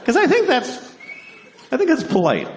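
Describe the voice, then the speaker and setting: A man doing stand-up, his pitch leaping all over as he rants with sarcastic, profane mock outrage. The sound is roomy and echoing, with steady noise underneath. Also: moderate pace, crowd noise. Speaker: stand-up comedian. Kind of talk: stand-up comedy set.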